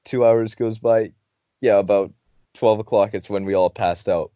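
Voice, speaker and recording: A young man hosting a podcast, telling a story in a casual, animated way, often laughing, swearing and acting out his friends' lines. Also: lowish voice, normal speed, clean tone, no room sound. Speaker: podcast host. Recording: dull dry lo-fi recording.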